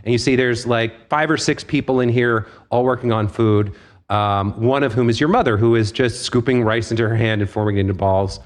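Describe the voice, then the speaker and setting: A man's voice: mid-range voice, steady tone, fairly quick. A man narrating a tabletop game as game master in a loose, conversational way.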